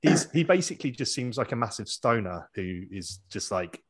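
A man's voice: mid-range voice, very animated, moderate pace, husky. A man in a casual sports podcast chat, talking in a laid-back, rambling way. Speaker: podcast co-host.

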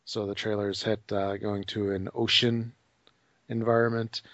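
A man co-hosting a gaming podcast, delivering news quickly and offhandedly with many fillers. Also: on the low side, flat delivery, fairly bright tone, dry recording. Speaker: podcast co-host. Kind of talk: casual gaming news chat. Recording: dry, slightly muffled home mic.

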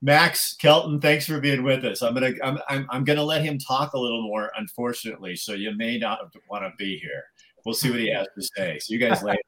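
A man's voice: mid-range voice, fairly quick, fairly bright tone. A man hosting a podcast in casual chat, rambling with stammered restarts and playful teasing of his guests. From Oregon. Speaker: podcast host. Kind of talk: casual live-stream chat.

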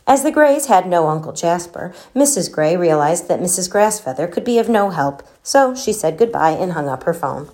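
Woman narrator, children's book read-aloud, slightly low voice. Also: expressive, mellow. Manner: measured, storytelling.

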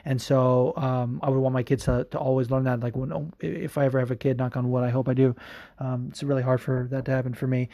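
A man's voice: mid-range voice, little pitch movement, a little fast, gravelly, mellow, dry recording. Rambling casual podcast man, dry sound. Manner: rambling, many fillers, swears. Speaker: podcast host. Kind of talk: casual chat.

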